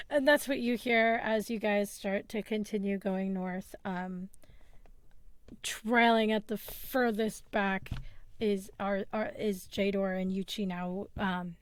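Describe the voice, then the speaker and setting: A woman narrating as game master of a tabletop game, halting and full of fillers as she describes the scene. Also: medium pitch, fairly even intonation, clean tone, no echo.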